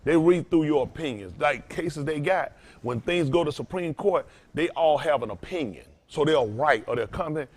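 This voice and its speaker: Preaching man, emphatic and loud. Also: a little high, expressive, moderate pace, few pauses. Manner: loose, emphatic, rising to loud bursts. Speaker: pastor. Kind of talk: preaching to a congregation.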